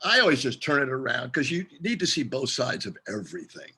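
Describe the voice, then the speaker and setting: Lively, bright-voiced man exhorting a group. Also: medium pitch, breathy edge. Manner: emphatic, playful and exhorting, with quick jokes. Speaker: tarot teacher leading a group session. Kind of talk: energetic lecture over a video call. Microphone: video call.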